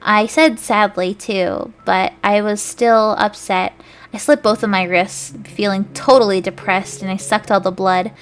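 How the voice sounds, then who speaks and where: A woman's voice: mid-range voice, steady tone, measured pace, clear, resonant tone, faint music behind. A woman streamer reading fanfiction aloud, giggling and stumbling over the words.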